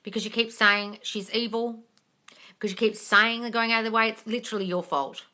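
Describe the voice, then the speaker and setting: Woman hosting a live chat, blunt and swears a lot, calls everyone darling, bright sharp voice. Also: fairly high pitch, a little fast. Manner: swings between soft coaxing and excited squeals. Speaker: live-stream host answering viewer questions.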